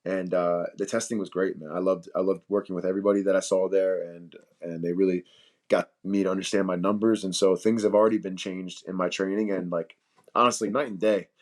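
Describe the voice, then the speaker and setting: A young man talks easily in an interview over a video call, loose and slangy. His voice sits on the low side, and he often breaks into laughter between thoughts. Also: little pitch movement, a little fast. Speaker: UFC welterweight fighter. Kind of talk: casual interview chat.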